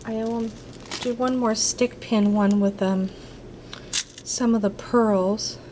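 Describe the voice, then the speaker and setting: A woman's voice: fairly high pitch, steady tone, slow pace, warm tone, slight background noise. A woman giving a casual crafting tutorial, chatty and a little apologetic, talking to herself as she works at her craft table.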